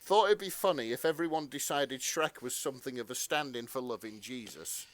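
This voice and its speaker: A man co-hosting a podcast, casually reading fan fiction aloud with relaxed asides and the odd swear. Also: mid-range voice, a little fast. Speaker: podcast co-host.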